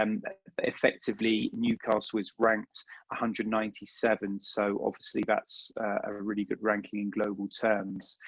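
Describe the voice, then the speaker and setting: A university recruiter from England gives a casual virtual info session, chatty and full of ums and uhs, often repeating words. His voice is mid-range. It's captured over a video call, with dull lo-fi audio and no room sound.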